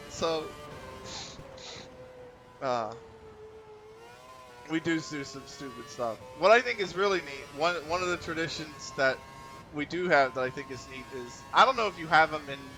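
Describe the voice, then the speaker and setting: A man's voice: fairly high pitch, animated, unhurried, long pauses, bright, forceful tone, soft background music. A man streaming a racing game, telling rambling stories in a loose, chatty way. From United States. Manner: rambling, chatty storytelling with frequent laughs. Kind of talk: casual chat while gaming.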